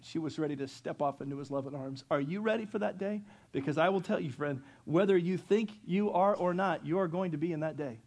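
A middle-aged man delivers a sermon from the pulpit. His voice sits a little high for a man, moving between hushed storytelling and surging, passionate preaching. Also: a little fast, hardly any pauses. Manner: storytelling, swelling to loud impassioned preaching. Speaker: pastor.

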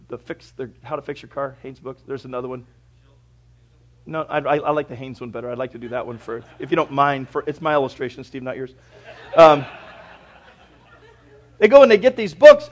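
A male pastor preaching a sermon in a church, folksy and conversational, swinging between quiet reflection and loud, lively bursts. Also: on the high side. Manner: folksy, conversational preaching with everyday examples and asides.

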